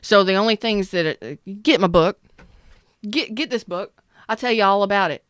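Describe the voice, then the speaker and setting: A woman giving a casual tarot reading on a livestream talks to her chat bluntly and with energy, swearing and using Southern-style slang. Her mid-range voice is smooth and clear at a normal speed, and she clears her throat after a cough. The recording is dry and close, with no room sound.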